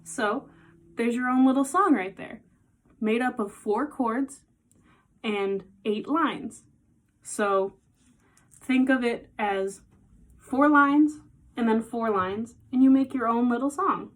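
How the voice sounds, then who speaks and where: A woman with a fairly high voice gives a casual songwriting lesson, speaking slowly with long pauses. As a patient music teacher, she explains and counts beats aloud while guitar plays behind her.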